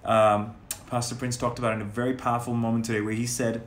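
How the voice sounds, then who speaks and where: A man's voice: medium pitch, level tone, fast. A man leading a sermon and guided prayer, speaking in emphatic, repetitive phrases. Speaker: prayer leader. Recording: roomy echo, faint noise.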